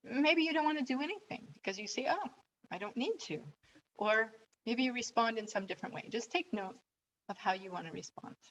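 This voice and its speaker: A woman coach leading a calm guided relaxation and breathing exercise, giving gentle step-by-step instructions. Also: a little high, brisk, muffled recording, slight background noise.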